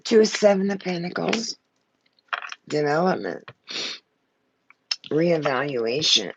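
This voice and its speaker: A woman's voice: mid-range voice, creaky, breathy edge, muffled recording. A woman giving a live-stream tarot reading, blunt and emotional, swearing freely and short of breath. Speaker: tarot card reader.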